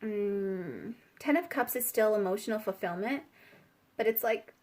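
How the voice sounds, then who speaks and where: A woman's voice: mid-range voice, expressive, unhurried, darkish tone. A woman giving a casual spiritual tarot reading, chatty and giggly, with many fillers. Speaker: tarot reader.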